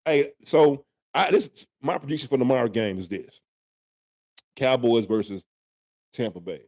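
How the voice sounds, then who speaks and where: A man's voice: medium pitch, unhurried, a little mellow, no room sound, clean studio sound. A young man hosting a live stream, trash-talking rival fans in casual banter with drawling repeats. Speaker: live-stream host, sports fan.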